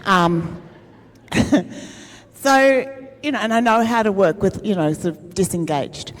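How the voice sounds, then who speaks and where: A woman's voice: medium pitch, animated, slow pace. Chatty middle-aged woman telling funny stories. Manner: comic, chatty, self-mocking with laughs. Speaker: speaker at a climate event. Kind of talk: humorous storytelling speech.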